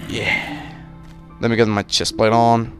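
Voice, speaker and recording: A man casually commentating his game, excitable and swearing, yelling at monsters, slightly sick with a cracking voice. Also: medium pitch, moderate pace, faint music behind. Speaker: gaming channel host. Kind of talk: casual Minecraft let's-play commentary.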